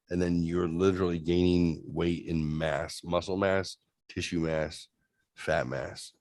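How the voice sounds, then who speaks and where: Low-voiced man, blunt and swearing. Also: fairly even intonation, a little slow, a little mellow, no room sound, studio quality. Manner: blunt, swears freely, acts out quoted voices. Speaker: co-host. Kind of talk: casual podcast chat.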